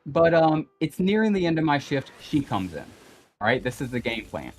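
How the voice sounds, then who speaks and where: A man's voice: a little high, very animated, normal speed, a little mellow. Rambling young man, faint music behind. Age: young adult. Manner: rambling, full of "like" and "you know". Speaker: guest on a gaming stream. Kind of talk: casual storytelling in a group voice chat. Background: faint background music.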